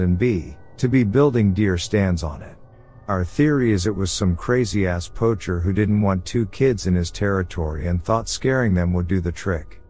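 A man narrating true scary stories sent in by listeners, in a steady, low-key storytelling manner. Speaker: podcast narrator. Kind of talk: reading listener horror stories.

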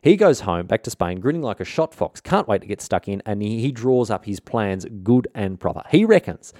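Irreverent, slangy podcast host. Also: male voice, lowish voice, very animated, moderate pace, a little mellow, no room sound, studio quality. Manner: irreverent, rambling, slangy, self-interrupting. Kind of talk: comic history narration.

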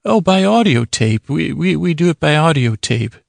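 A man's voice: fairly high pitch, big pitch swings, creaky, no room sound, pitched above the performer's own voice. Man putting on a prim institute gatekeeper. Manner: polite, brisk refusals.

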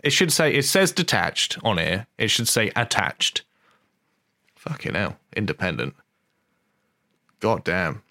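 A man's voice: lowish voice, very animated, unhurried, pauses often, sharp tone, no echo, clean studio sound. A man hosting a podcast, reading a news story aloud in casual comic chat, wry and freely swearing, stumbling and rereading lines. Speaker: podcast host.

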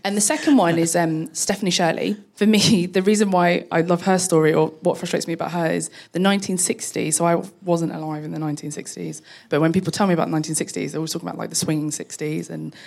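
A woman, a guest on a live panel, telling stories briskly and with animation. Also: fairly low pitch, steady tone, vocal fry, darkish tone. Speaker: guest, runs girls' coding events. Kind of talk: live podcast panel chat. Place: live stage before an audience.

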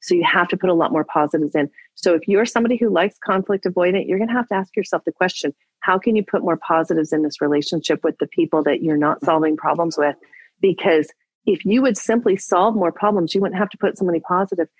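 A woman's voice: lowish voice, fast, no echo, poor audio. A woman relationship coach on a podcast, telling a personal story with acted-out dialogue and giving advice. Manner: animated storyteller, acts out dialogue.

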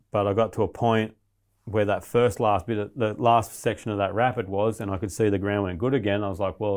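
Deep gravelly man telling a story. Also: a little mellow. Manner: blunt, heavy swearing, rambling. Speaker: guest. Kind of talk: casual storytelling interview.

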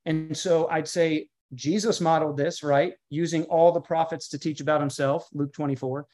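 A man's voice: fairly high pitch, fairly even intonation, moderate pace, darkish tone. A man who is a pastor and guest author, speaking in a podcast interview with an emphatic, preacher-like manner that builds through lists and repeated phrases. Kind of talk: podcast interview, earnest teaching tone.

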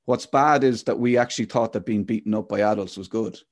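A man's voice: fairly low pitch, a little fast. An Irish man in his forties hosting a podcast, talking earnestly and thinking aloud in casual chat. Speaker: podcast host.

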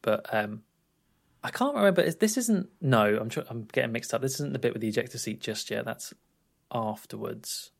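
A man co-hosting a film podcast in relaxed chat, thinking aloud with small hesitations. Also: mid-range voice, moderate pace, vocal fry. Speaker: podcast co-host. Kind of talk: casual film-review chat.

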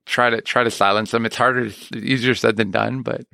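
A man's voice: mid-range voice, steady tone, fairly quick, creaky, sharp tone, no echo, clean studio sound. A man, an actor and music teacher, talking candidly and rambling in a casual interview. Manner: candid, rambling, self-deprecating.

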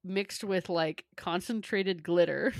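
A woman co-hosting a laid-back podcast chat, mid-pitched and dry, as if close to the mic. She laughs easily and talks in a loose, rambling way, full of fillers. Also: slow, no echo. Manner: giggly, chatty, full of "like" fillers. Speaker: podcast co-host. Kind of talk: casual chat.

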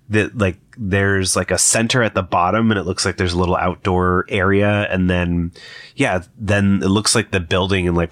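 A man's voice: low voice, fairly bright tone, no room sound, clean studio sound. A young man giving a casual, rambling commentary, full of fillers and self-corrections. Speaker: video commentator. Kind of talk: casual trailer breakdown commentary.

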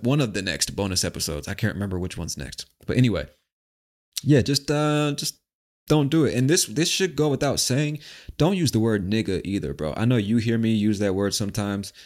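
A man from the United States hosts a solo podcast in a relaxed, conversational way. His voice sits very low, and he talks loosely, with frequent swearing. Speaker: podcast host. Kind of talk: casual podcast monologue.

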